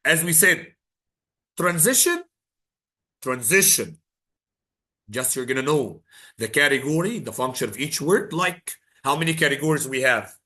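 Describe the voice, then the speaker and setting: A man's voice: medium pitch, expressive, normal speed, bright, forceful tone. A man teaching an exam prep lesson in English, dropping Arabic phrases in and repeating his key points for emphasis.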